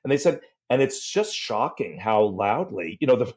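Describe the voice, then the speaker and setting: A middle-aged man, a voice teacher, telling lively stories in a podcast interview and singing short demo syllables. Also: medium pitch, moderate pace. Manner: animated storyteller, sings demo syllables. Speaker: voice teacher and guest.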